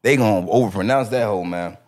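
A man's voice: on the low side, fast talker, a little mellow. A man co-hosting a podcast, chatting casually in slang and often restarting sentences. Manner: rambling, slangy, repeats words. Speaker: podcast co-host. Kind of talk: casual chat.

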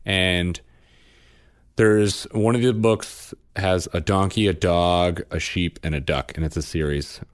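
A man with a lowish voice chats casually as a show's co-host. He tells long family anecdotes in a rambling, animated way and often restarts his sentences. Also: slow pace. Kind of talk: casual chat.

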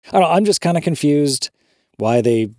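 A man's voice: fairly high pitch, lively intonation, normal speed, mellow, dry recording, studio quality. A man co-hosting a podcast in casual chat, ranting with disbelief and swearing freely. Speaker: podcast co-host.

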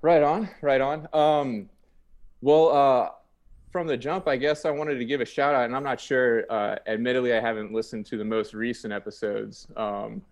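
A man's voice: medium pitch, steady tone, moderate pace, a little mellow. A man guest on a podcast, talking sports in a laid-back, hesitant way with many ums and uhs. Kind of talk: casual chat.

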